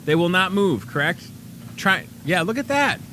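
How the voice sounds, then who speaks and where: A man's voice: sits high, normal speed, a little hiss or hum. A man hosting a live daily talk show, joking around in casual chat with his guests. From Chicago area. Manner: jokey, playful, animated.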